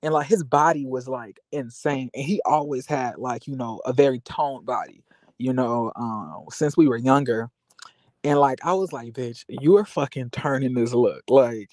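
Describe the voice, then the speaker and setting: A man's voice: on the high side, darkish tone, no echo. A young man vlogging, telling a personal story in a rambling, candid way with many fillers. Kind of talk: casual venting monologue.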